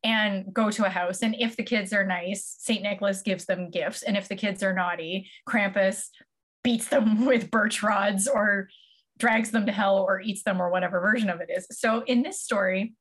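A woman co-hosting a casual podcast chat, telling a story with animated quoted voices. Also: medium pitch, normal speed. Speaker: podcast co-host.

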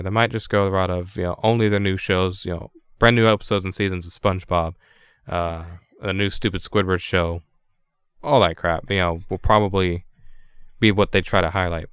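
Low, smooth-voiced podcast host. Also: male voice, dry recording, clean studio sound. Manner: talks in loose run-on sentences, swears casually. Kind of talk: casual podcast chat. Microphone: podcast microphone.

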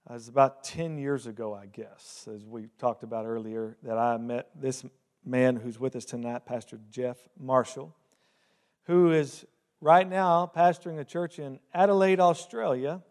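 A man's voice: medium pitch, a little slow, a little mellow. A man, the host pastor, introducing a guest speaker in a chatty, rambling way. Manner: chatty, with many fillers.

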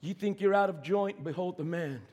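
A man preaching a sermon as pastor, swinging from shouting to near whisper. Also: high voice, normal speed, big-room sound.

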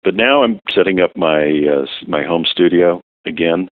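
Low-voiced guy, relaxed and a bit halting, phone-line sound, dry. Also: dry recording. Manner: relaxed, self-deprecating, hesitant fillers. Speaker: voiceover artist guest. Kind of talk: casual interview chat.

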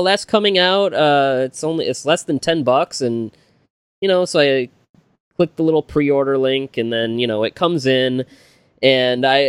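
A man's voice: mid-range voice, no room sound. A man in his thirties co-hosting a podcast, talking casually with many fillers and restarts. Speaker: podcast co-host.

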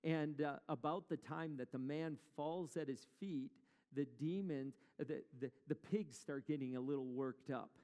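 A man's voice: on the high side, measured pace, darkish tone, clear, resonant tone, big-room sound, dull audio. A male pastor preaching a sermon in a conversational way, asking the congregation questions as he retells a story.

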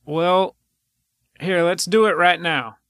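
A man hosting a podcast in casual chat, telling rambling, drawn-out stories. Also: high voice, fairly bright tone, dry recording, studio quality. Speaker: podcast host.

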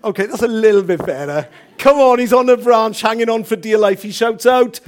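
A man preaching a sermon as pastor in a church, telling stories lively and asking rhetorical questions. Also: high voice, a little fast.

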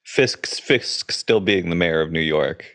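Slow, low-voiced man chatting casually. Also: fairly bright tone. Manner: unhurried listener, brief acknowledgments and short asides. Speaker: podcast co-host. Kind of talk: casual chat.

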